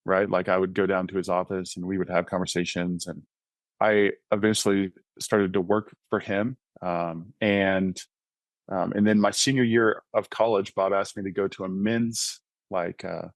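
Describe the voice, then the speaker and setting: A man with a fairly low voice recounts his own life story as a podcast guest, earnest and conversational, often tossing in a quick "right?". The sound is dry and close, with no room echo. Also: flat delivery. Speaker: podcast guest, author and mentoring ministry founder. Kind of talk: personal testimony in casual conversation.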